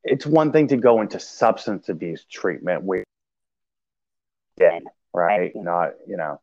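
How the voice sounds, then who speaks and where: A man with a very low, gravelly voice tells his story in a slow, halting way, full of fillers and restarts. The recording is dry and a little dull. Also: sing-song, darkish tone, no room sound. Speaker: podcast guest sharing recovery story. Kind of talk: casual conversational storytelling.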